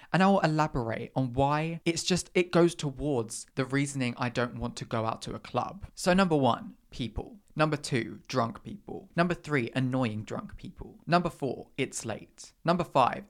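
Sassy dramatic young man. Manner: sassy and dramatic, big pitch swings. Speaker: podcast host. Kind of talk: casual podcast monologue.

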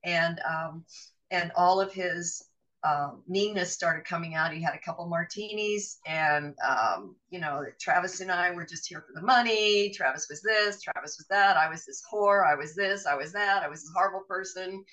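A middle-aged woman, a podcast guest, telling a personal story in an animated way and acting out the voices of others. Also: on the low side, normal speed, distant mic, rough recording.

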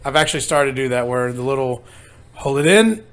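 A man's voice: medium pitch, lively intonation, brisk. A young man co-hosting a podcast, telling crude stories in a casual chat and often breaking into laughter. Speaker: podcast co-host.

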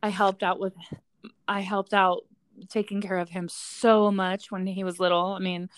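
A woman's voice: medium pitch, flat delivery, moderate pace, no room sound. Swearing podcast co-host woman, dry sound. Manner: swears a lot, laughs often, blunt reactions. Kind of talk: casual chat.

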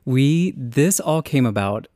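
A man's voice: medium pitch, lively intonation, takes it slowly, warm tone, no room sound, clean studio sound. A man co-hosting a podcast in casual chat, adding brief affirmations. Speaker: podcast co-host.

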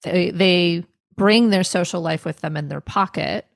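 Gravelly-voiced woman therapist. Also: fairly low pitch, unhurried, no echo, studio quality. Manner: thoughtful, searching for words, many restarts. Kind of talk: professional podcast conversation.

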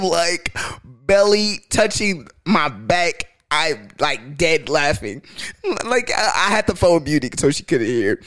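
A young man telling a story casually and profanely, acting out the voices he quotes. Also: sits high. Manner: animated, loose and profane, acts out quoted voices.

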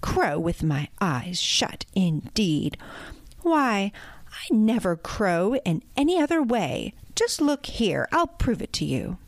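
A woman's voice: a little high, big pitch swings, a little slow, no room sound, pitched above the performer's own voice. A woman voicing a proud, touchy farmyard rooster in a storybook, speaking in an indignant, boastful way.

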